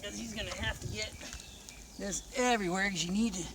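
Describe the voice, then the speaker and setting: A man's voice: sits high, steady tone, fairly quick, background noise. A man casually explaining how to wash his dog, joking and rambling to viewers, recorded on a phone outdoors at night over running water. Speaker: dog owner demonstrating. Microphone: phone camera held by another person.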